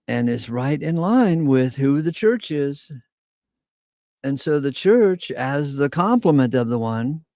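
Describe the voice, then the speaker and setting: Slow gravelly male Bible teacher. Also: mid-range voice, mellow, dry recording. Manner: reads scripture slowly, then comments in casual asides. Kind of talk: informal Bible study teaching.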